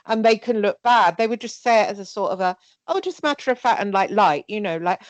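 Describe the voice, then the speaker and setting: A woman talking candidly in a casual conversation, animated and often acting out remarks in quoted voices. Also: a little high, a little fast, no echo.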